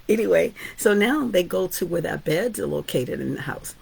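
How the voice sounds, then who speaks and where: A woman's voice: lowish voice, expressive, normal speed, creaky, few pauses, a little mellow, a little hiss or hum. A woman author and teacher giving an informal storytelling lesson, chatty and often asking "right?". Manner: chatty, asks "right?" and "guess what?".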